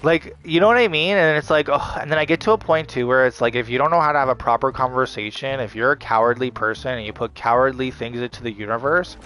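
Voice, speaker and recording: A man's voice: mid-range voice, fairly bright tone. A man in the middle register talks straight to camera in a loose, repetitive monologue that circles back on itself. He sounds defiant and a little mocking, and faint music plays underneath. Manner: repetitive, heavy with "like" and "you know" fillers. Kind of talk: rambling motivational monologue.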